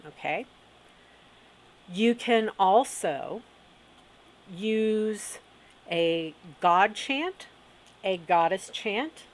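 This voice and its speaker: A middle-aged woman teaching a witchcraft lesson on video, talking in an unhurried way and checking in often with "okay?". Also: fairly low pitch. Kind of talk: instructional video talk.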